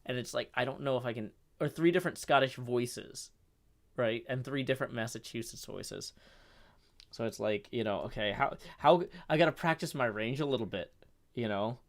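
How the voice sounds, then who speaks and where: A man's voice: mid-range voice, normal speed. A man hosting a casual live stream, rambling and hesitant with lots of fillers while reading out chat. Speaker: streamer and host.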